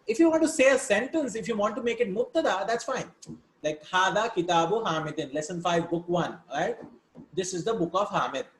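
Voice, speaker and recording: In an echoey room with faint background hiss, a man with a high, animated voice teaches an Arabic lesson at a slightly fast clip. He reads Arabic words and sentences aloud, explains them step by step in English, and checks in with "right?" between points, as in a recorded language lesson.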